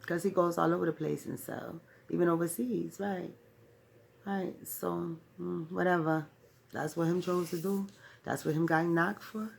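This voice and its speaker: A woman vlogger rambles through a personal story, her voice full of deep gravelly fry. She keeps checking in with "right" and swears freely, and faint background noise sits under her voice. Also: fairly even intonation, moderate pace. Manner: rambling, peppers talk with "right"; profane, laughs while telling. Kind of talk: casual storytelling.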